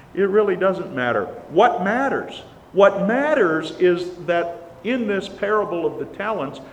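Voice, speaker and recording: A man with a somewhat high voice delivers a sermon with earnest emphasis, pressing hard on the words he stresses. His voice rings through a church sanctuary with a long reverb tail, over a faint hiss.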